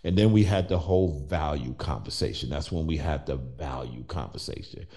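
Middle-aged man, host, animated storyteller who acts out quotes; low, mellow voice. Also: moderate pace. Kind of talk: personal storytelling in conversation.

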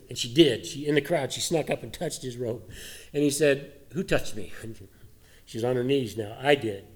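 Pastor preaching, earnest man, mid-range voice, rises and falls for emphasis. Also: mid-range voice. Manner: earnest preaching, rising for emphasis, dropping soft for reflection. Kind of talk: sermon.

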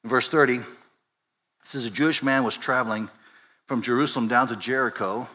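A man preaching a sermon as pastor, conversational and animated, swinging from loud emphasis to quiet asides and often asking "right?". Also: mid-range voice, fairly quick. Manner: conversational, repeats words and asks "right?".

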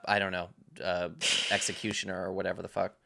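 A man's voice: low-pitched, little pitch movement, fast, vocal fry, sharp tone, a little hiss or hum. A man in casual film-review chat, talking in rambling stops and restarts and swearing now and then. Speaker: podcast co-host.

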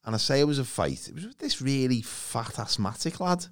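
A man's voice: mid-range voice, big pitch swings, fairly quick. A man in casual chat, telling a childhood story in a laid-back way.

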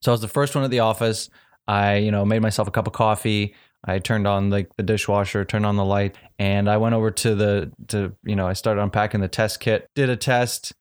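A man's voice: on the low side, little pitch movement, brisk, clear, resonant tone. Man telling stories. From South Africa. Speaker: podcast co-host. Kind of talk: casual chat.

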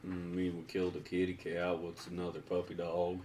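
A man's voice: deep voice, monotone, a little fast, a little mellow, recorded from a distance, a little hiss or hum. A man playing a tabletop role-playing game, answering in short, dry lines. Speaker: player. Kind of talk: tabletop role-play banter.

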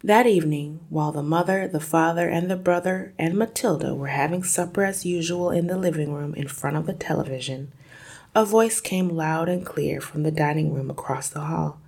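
Husky gravelly woman reading a kids book slow, lots of ups and downs. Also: sits low. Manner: expressive, slow and careful. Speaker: storyteller and reading teacher. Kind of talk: reading a children's novel aloud with study questions.

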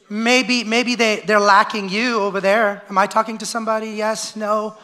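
High-voiced, bright male pastor preaching. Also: moderate pace, few pauses. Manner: energetic, calls out to the congregation for response; acts out the voices of complainers. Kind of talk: sermon. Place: church sanctuary.

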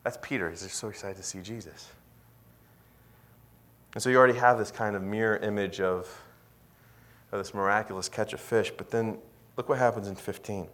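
A man preaching a sermon, swinging from loud excited bursts to soft, whispered intensity. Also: lowish voice, normal speed. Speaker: pastor.

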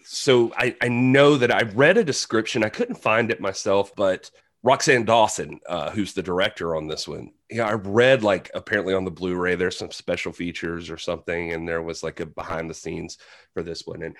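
A man's voice: low-pitched, normal speed, fairly bright tone. A man as a podcast guest, telling rambling, self-deprecating stories in casual chat.

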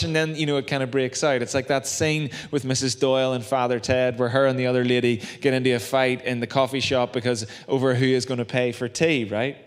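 A man's voice: medium pitch, clear, resonant tone. A young adult man with a Northern Irish accent preaching a sermon in a chatty, self-deprecating way, full of tag questions. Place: church hall. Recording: long reverb of a church hall.

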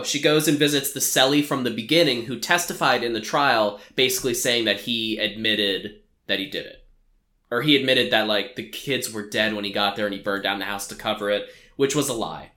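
A man's voice: fairly low pitch, bright, forceful tone. A young adult man casually recapping a movie on a podcast, rambling and packing his talk with "like" and fillers. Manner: rambling, filler-heavy storytelling, frequent "like". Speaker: podcast co-host. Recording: echoey room.

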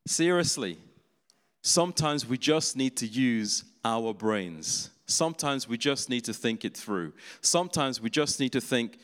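Lower-voiced male preacher, hall reverb. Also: expressive, unhurried, a bit bright. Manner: conversational, with laughing asides. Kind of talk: sermon.

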